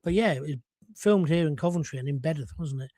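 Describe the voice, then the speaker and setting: A man's voice: fairly high pitch, fast talker, warm tone, no echo. An older man hosting a casual live stream, chatting bluntly and cheekily while reading out viewer comments.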